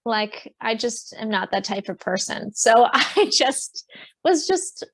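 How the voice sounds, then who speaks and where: This is a woman from Virginia speaking as a guest on a podcast. She is soft-spoken and reflective, and she giggles between thoughts. Her voice is a little high and the recording is dry and close. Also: sing-song, slow pace, dry recording. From Virginia, USA. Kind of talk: casual chat.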